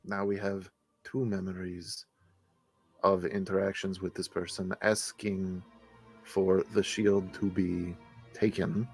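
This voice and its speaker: A man voicing a dry, unimpressed woman who speaks in a deadpan, weary way. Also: deep voice, slow pace, breathy edge, soft background music, heavily acted.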